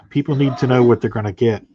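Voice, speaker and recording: A man's voice: mid-range voice, muffled recording, slight background noise. A man talking casually as a guest artist on a live stream, rambling with lots of fillers. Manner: relaxed, rambling with many fillers.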